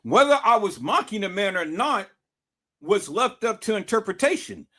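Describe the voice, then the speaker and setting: Animated, profane young man telling a story. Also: sits high, moderate pace. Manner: animated, profane, repetitive and emphatic. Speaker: vlogger. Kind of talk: casual storytelling to camera.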